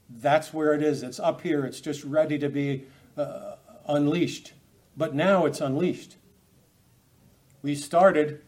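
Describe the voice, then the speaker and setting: Man, Bible teacher, earnest and emphatic, frequent restarts, fairly high voice. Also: a little mellow. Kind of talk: Bible study lecture.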